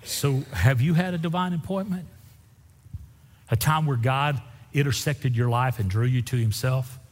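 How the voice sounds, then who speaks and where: A pastor preaching a sermon, telling folksy stories with big swings in his voice. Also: normal speed. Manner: folksy storytelling with lively swings in pitch. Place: church sanctuary. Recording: echoey hall with long reverb.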